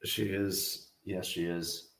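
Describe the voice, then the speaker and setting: A man's voice: low voice, steady tone, takes it slowly, a bit bright. A man joining a podcast as a guest, giving brief, laid-back replies. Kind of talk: casual chat.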